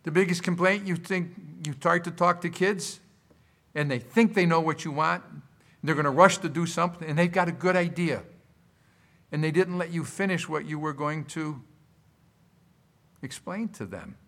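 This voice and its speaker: Preacher, male, higher-pitched and bright; lively sermon delivery with scripture quotes and questions to the congregation. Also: moderate pace, pauses often. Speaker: pastor. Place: church service.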